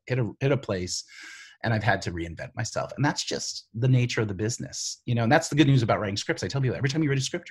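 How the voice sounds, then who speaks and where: A middle-aged screenwriter from the Bronx, New York, tells his story loosely as an interview guest, sprinkling in lots of "you know" and "like." His voice is on the low side with a breathy edge.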